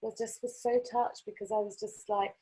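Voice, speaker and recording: A woman, a podcast guest telling a personal story in an animated, expressive and self-mocking way. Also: mid-range voice, fairly quick, slightly rough. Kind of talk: conversational storytelling.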